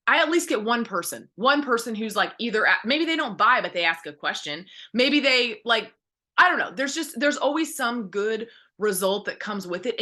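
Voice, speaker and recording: Brief: woman, 30s, team leader, bright voice, candid and rambling, pep-talk delivery. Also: medium pitch. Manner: candid, encouraging, rambling with many fillers. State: close to tears. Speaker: direct sales team leader. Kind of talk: motivational team call talk.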